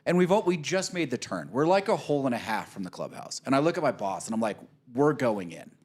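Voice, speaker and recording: A man's voice: medium pitch, fast. A man casually telling a long golf story, swearing freely and acting out what people said. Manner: animated, profane storyteller who acts out quotes.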